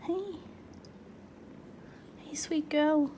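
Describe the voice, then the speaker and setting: A woman's voice: high voice, little pitch movement, extremely slow, dark tone, a little hiss or hum. A woman vlogging in a chatty, casual way, cooing at her pets. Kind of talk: casual vlog chat. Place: outdoors in front of an ice cream shop, then at home.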